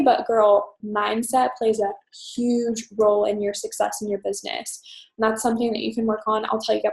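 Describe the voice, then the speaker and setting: A woman's voice: a little high, vocal fry, darkish tone. Chatty upbeat woman in echoey room. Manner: fast, chatty, upbeat, lots of "um" and "you guys". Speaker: team leader giving orientation. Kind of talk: motivational orientation talk.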